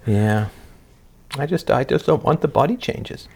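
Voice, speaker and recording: A man's voice: mid-range voice, animated, a little slow, creaky, darkish tone. A man hosting a casual chat with his daughter, joking and teasing, then rambling into lecturing asides. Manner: joking, teasing, often laughing. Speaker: host, father talking with his daughter. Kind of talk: casual chat, reading out comments.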